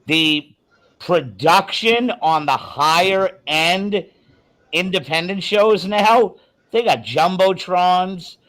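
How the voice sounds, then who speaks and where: Male panelist, high voice, blunt and opinionated, casual banter. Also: slow, fairly bright tone. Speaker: wrestling podcast panelist. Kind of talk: casual chat.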